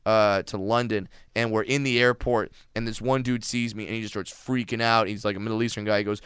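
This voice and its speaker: A man with a bright, very crisp voice tells comic stories in a casual interview, jumping into other people's voices and laughing along. The sound is dry and close, with no room around it. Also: fairly low pitch, fairly quick, no echo. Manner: animated, laughing, acting out quoted voices. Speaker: comedian guest.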